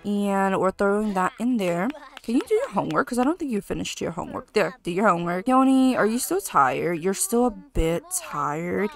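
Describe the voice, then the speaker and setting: Lively chatty woman gaming. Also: medium pitch. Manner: chatty, exasperated, scolding her game characters. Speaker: gaming channel host. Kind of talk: casual gameplay commentary.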